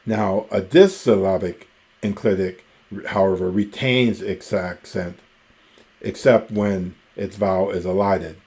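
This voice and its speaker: A man teaching ancient Greek grammar in a recorded lecture, explaining the rules slowly and methodically and pausing often with ums. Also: sits low, fairly even intonation, darkish tone.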